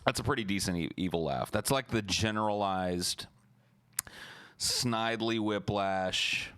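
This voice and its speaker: Deep-voiced man rambling casually on stream. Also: unhurried, a bit bright, smooth, dry recording. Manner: loose, profane and rambling, with many restarts. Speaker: live streamer. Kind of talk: casual late-night stream chat.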